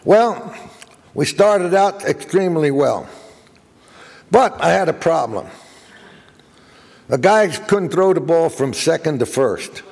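An older man giving a guest speech, telling jokey anecdotes as an animated raconteur. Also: on the high side, takes it slowly, creaky, long pauses, in a large hall. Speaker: guest speaker.

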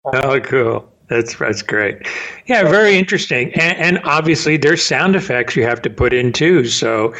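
A man's voice: mid-range voice, animated, normal speed, pushed and bright. A man hosting a podcast interview, chatty, repeating himself and interjecting often. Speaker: podcast host. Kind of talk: casual interview talk.

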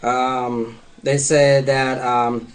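Male co-host, hesitant news read, mid pitch, lots of ums. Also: flat delivery, drawn-out words. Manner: hesitant, many fillers. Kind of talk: reading news aloud.

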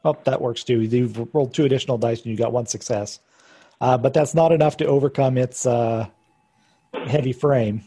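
A man narrating a tabletop game as game master, calmly describing scenes and patiently explaining rules. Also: medium pitch, moderate pace, slightly rough.

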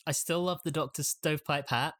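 A man's voice: a little high, fairly even intonation, fairly quick, fairly bright tone. Wry man with dry humor. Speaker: podcast co-host. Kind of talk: casual chat.

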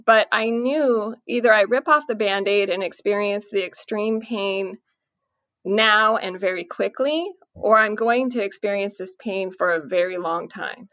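A woman speaking earnestly about parenting a son with addiction, in a measured way with many fillers. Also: medium pitch, a bit bright, no room sound. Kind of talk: conversational podcast interview. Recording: dry, muffled lo-fi audio.

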